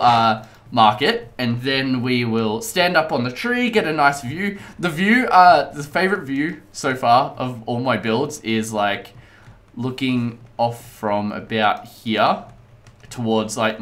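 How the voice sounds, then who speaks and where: Guy rambling through his let's play, excitable, voice bouncing up and down a lot. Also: medium pitch, measured pace. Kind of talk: casual gameplay commentary.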